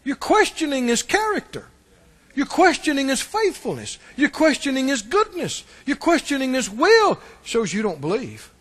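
A man's voice: very high-pitched, wildly swooping pitch, moderate pace, a bit bright, slightly rough. A pastor preaching a sermon, emphatic and questioning his listeners. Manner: emphatic, asks the congregation questions.

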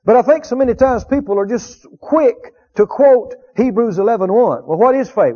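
Male preacher, high voice, emphatic and repetitive delivery, muffled lo-fi sound. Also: lively intonation, mellow, breathy edge. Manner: emphatic, repeats key phrases, drawn-out quotes of scripture. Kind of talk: sermon. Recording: dull lo-fi recording.

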